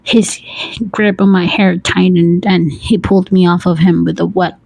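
A woman narrating an adult story in a soft, breathy, intimate whisper, with quiet laughs. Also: on the low side, flat delivery, moderate pace, dry recording, low-quality recording.

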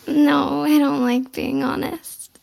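Giggly, teasing young woman, high fry. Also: warm tone. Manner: playfully bratty and coy. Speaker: audio role-play performer. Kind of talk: intimate audio role-play.

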